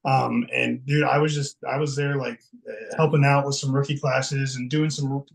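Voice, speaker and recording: A man's voice: medium pitch, level tone, moderate pace, vocal fry, rough recording. A man as guest on a casual chat show, telling a rambling story, swearing freely and getting emotional.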